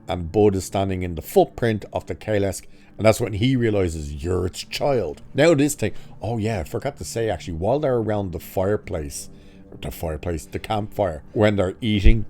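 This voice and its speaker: A man walks through a film's plot in a loose, casual review, dry and sarcastic. He swears freely and throws in exaggerated mock quotes from the characters. His voice sits a little low, with a dark, mellow tone. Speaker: movie reviewer. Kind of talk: casual spoiler review recap.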